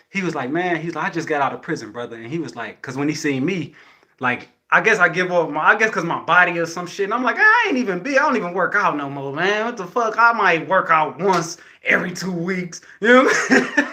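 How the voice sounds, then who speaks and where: Guy with a high voice rambling through a story, lots of slang and cussing, keeps saying you know what im saying. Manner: animated, swearing, slang-heavy, frequent "you know what I'm saying". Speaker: vlogger addressing viewers. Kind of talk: casual storytelling monologue.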